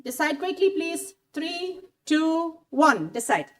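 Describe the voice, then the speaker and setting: Speaking slowly into a handheld mic, a woman with a high, bright voice quizzes an audience in a mini auditorium hall during a college event, where she's a German-language speaker. She's lively and playful, coaxing listeners to pick answers and holding the room's attention.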